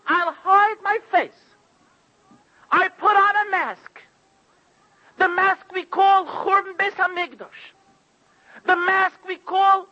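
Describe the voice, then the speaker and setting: High, bright-voiced impassioned preacher man. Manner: impassioned storytelling, acting out quoted voices. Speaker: rabbi giving a sermon. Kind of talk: sermon. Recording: dull lo-fi recording.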